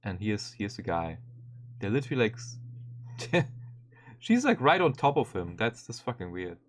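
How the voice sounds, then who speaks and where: A man streaming and commenting casually on a video, animated and swearing often, with frequent restarts. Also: on the low side, normal speed, slight background noise.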